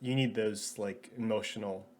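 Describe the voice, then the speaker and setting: A man's voice: fairly low pitch, steady tone, moderate pace. A young man in his twenties co-hosting a podcast, talking in a laid-back way and often saying dude and like. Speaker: podcast co-host. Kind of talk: casual chat.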